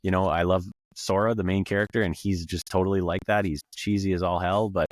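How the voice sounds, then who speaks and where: A man's voice: low-pitched, steady tone, a little fast, dry recording. A man co-hosting a podcast, chatting casually and rambling with many fillers. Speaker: podcast co-host. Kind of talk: casual chat.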